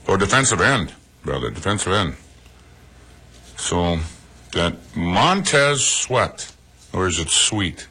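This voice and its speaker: A man with a low, husky voice and a forceful edge reads the sports news on a morning radio show. He speaks from a radio studio and drops his own chatty opinions between the scores. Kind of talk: sports news read with casual commentary.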